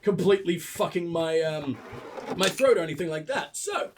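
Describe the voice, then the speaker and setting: A man's voice: on the high side, expressive, normal speed, background noise. A young man with a southern English accent, ill, giving sweary, sarcastic, rambling commentary over a game. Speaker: let's play host. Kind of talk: casual gameplay commentary.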